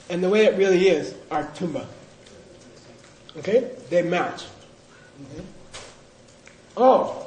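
A man teaching Buddhist philosophy to a class, drilling students in call-and-response and coaxing them with teasing, animated prompts. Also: high-pitched, echoey room, rough recording.

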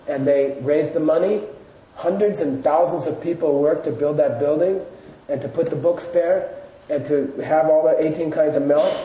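Male Buddhist teacher, slightly higher voice, mellow, conversational storyteller, distant mic, faint hiss. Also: lo-fi sound. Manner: storytelling, loose and chatty with fillers. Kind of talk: casual lecture to a live audience. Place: room with a live audience. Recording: echoey room, distant mic, faint noise.

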